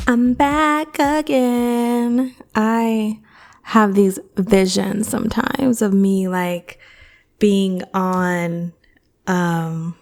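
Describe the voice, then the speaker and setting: Female therapist-host, casual chatty monologue, light music bed. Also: fairly high pitch. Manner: chatty, upbeat, rambling with fillers. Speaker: self-worth therapist and coach, podcast host.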